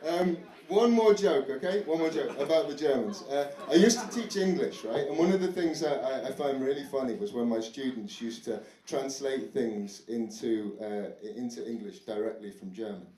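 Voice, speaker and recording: A man's voice: mid-range voice, normal speed, hardly any pauses, mellow. A young man doing a stand-up comedy set before a live audience, chatty and self-deprecating, dropping into mock foreign voices. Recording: echoey club with audience noise.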